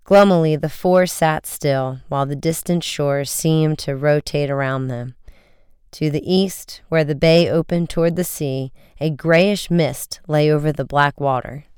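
An audiobook narrator reading an adventure story, lively with the dialogue. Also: mid-range voice, unhurried, clear, resonant tone, dry recording, clean studio sound. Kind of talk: scripted narration.

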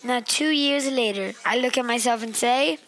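A woman reading aloud an earnest, expressive personal story. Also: fairly high pitch, normal speed, low-quality recording.

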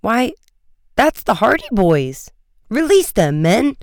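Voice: mid-range voice, lively intonation, moderate pace, no echo, pitched above the performer's own voice, natural voice. A narrator voicing an authoritative male Coast Guard lieutenant, giving orders in a commanding way.

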